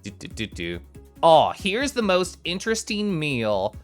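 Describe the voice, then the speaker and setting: A man streaming live, chatting casually with his viewers and answering chat with bubbly, excited exclamations. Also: a little high, measured pace, faint music behind.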